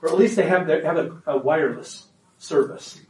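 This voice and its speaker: A man with a somewhat high voice gives a workshop talk to parents, conversational and emphatic, often pausing to check that the room follows him. He is caught from a distance, and the room adds a noticeable echo around his voice.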